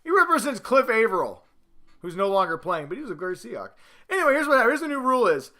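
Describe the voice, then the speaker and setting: A man hosting a casual sports vlog at home, boastful, excitable and rambling as he talks to the camera. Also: very high voice, fast talker. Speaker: host.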